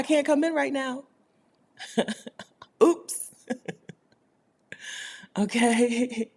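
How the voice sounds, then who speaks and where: A woman hosting a casual livestream, reading viewer comments aloud, emphatic and animated, laughing often and swinging between loud high bursts and low murmurs. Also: drawn-out words, pauses often, husky. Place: indoors, home setting while living abroad.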